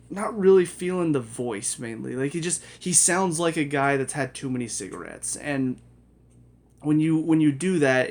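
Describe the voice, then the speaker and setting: Man, TV show reviewer, casual talk, average pitch, rambling, frequent little laughs. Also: darkish tone. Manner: rambling, self-correcting, laughs often.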